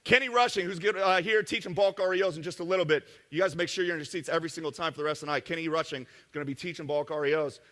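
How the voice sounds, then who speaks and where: Male seminar speaker, brash and joking, bright tone, echoey hall. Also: fairly high pitch. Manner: brash, joking, rapid asides to the audience. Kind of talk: live seminar talk. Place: event room with an audience.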